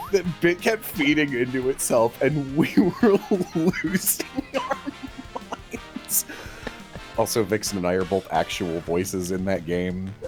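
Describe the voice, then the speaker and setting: Animated man chatting on a livestream. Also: medium pitch. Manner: animated storytelling with bursts of laughter. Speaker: livestream co-host. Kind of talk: casual stream chat.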